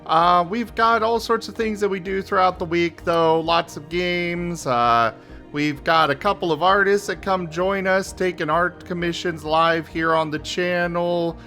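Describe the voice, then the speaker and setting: Man, young, streamer host, high voice, slow casual chat, fillers, faint music behind. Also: pushed and bright. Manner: chatty, laughing, trails off with fillers.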